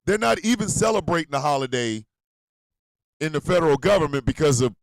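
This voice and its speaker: A man hosting a radio show, ranting loudly and profanely, swinging between shouting and low muttering. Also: expressive, fairly quick, vocal fry, no room sound. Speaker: host. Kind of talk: ranting commentary.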